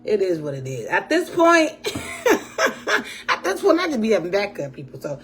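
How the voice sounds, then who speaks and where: A woman hosting her own podcast alone, chatting casually about faith in a rambling way, often clearing her throat and with a voice that often sounds strained. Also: medium pitch, wildly swooping pitch, a little slow, fairly bright tone, soft background music. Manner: churchy phrases, talks to absent guest. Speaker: podcast host.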